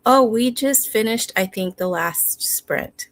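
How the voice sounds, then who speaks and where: A woman hosting a livestream from home, talking casually and replying to viewers in an unhurried way. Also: a little high. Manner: unhurried, reads viewer comments aloud and replies. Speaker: livestream host.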